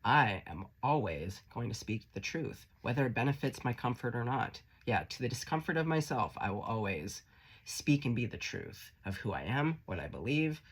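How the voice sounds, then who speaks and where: A man's voice: mid-range voice, lively intonation, moderate pace, slightly rough. Defiant bold saint, as a man puts her on. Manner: scornful, swearing, steadfast.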